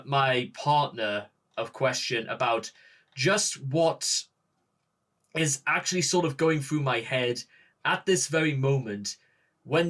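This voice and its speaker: A man with a Northern English accent hosting a music reaction video, gushing and halting, with many restarts and rhetorical questions. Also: on the high side, a bit bright. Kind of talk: excited reaction talk to camera.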